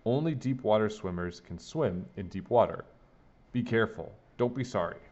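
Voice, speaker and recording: Lively low-voiced man reading a storybook. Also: normal speed, a little hiss or hum. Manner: lively, sing-song read-aloud delivery. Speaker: storybook reader. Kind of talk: reading a children's picture book aloud. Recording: dull lo-fi recording.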